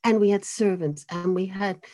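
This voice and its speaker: An older American woman with an accent between American and British, telling her life story as an interview guest, animated and self-deprecating with frequent laughs. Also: medium pitch, normal speed. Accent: mid-Atlantic mix of American and British. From United States. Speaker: guest author and cellist.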